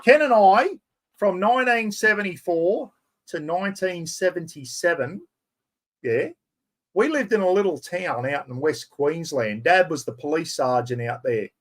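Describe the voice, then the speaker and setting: A man in his fifties with an Australian accent, excitedly hosting a chatty live stream giveaway and poking fun at himself. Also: sits high, measured pace. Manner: excitable, chatty, self-mocking.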